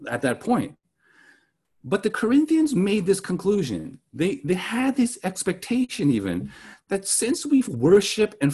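A male pastor with a high-pitched, darkish, slightly rough voice gives a sermon that feels like a conversation. He often checks in with listeners, asking "right?" again and again.

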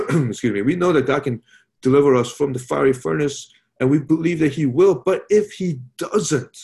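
A man's voice: mid-range voice, vocal fry, dark tone. A man preaching a sermon in an earnest way, asking rhetorical questions and repeating phrases.

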